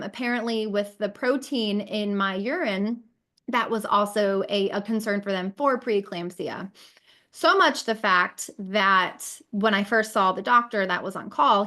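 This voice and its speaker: A woman's voice: mid-range voice, bright, forceful tone. A woman in her thirties, a podcast guest, telling a personal story in an earnest way, full of quoted dialogue and fillers.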